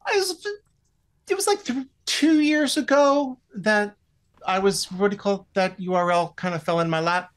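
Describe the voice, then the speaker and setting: An American man explaining voiceover coaching in a podcast interview, telling stories in a lively way. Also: high-pitched, moderate pace.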